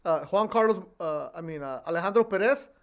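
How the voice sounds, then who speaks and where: A co-host in casual chat who chimes in with fight records and corrections. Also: male voice, high voice, expressive, a little fast, clear, resonant tone.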